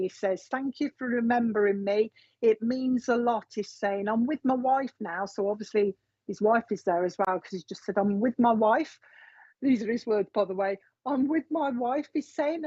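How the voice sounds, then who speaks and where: A woman psychic medium giving a live reading, passing on spirit messages and repeating the quoted phrases with frequent pauses. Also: medium pitch, darkish tone, dry recording. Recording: dull lo-fi recording.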